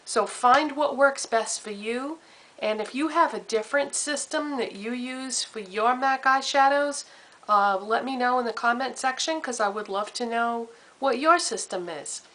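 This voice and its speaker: A woman makeup vlogger speaks to her camera in a slow, unhurried way, reading out product names one after another. Her voice sits fairly high, and the tone stays relaxed and chatty throughout. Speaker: beauty vlogger. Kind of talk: casual makeup vlog. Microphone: camera mic.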